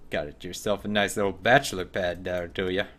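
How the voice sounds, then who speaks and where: Low-voiced man doing wry game commentary. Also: fairly even intonation, a little fast, fairly bright tone. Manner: wry, chatty, talks to himself and to characters on screen. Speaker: streamer. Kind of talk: casual gameplay commentary.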